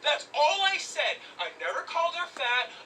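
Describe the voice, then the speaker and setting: High, exasperated young man ranting. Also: sing-song, normal speed, bright, forceful tone, distant mic, slight background noise, poor audio. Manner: exasperated, exclamatory, swings to muttering. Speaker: vlogger. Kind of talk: angry rant.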